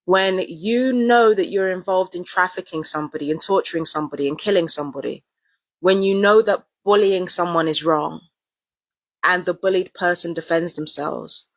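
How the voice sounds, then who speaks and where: A woman's voice: fairly low pitch, normal speed, no echo. A woman talking casually and at length in a vlog, often repeating herself and using slang. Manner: rambling and repetitive, casual slang. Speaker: vlogger. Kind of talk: casual monologue to camera.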